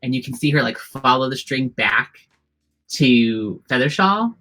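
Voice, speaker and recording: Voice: mid-range voice, lively intonation, a little slow, pushed and bright, faint music behind, poor audio. A game master narrating a tabletop game, rambling and full of fillers and restarts.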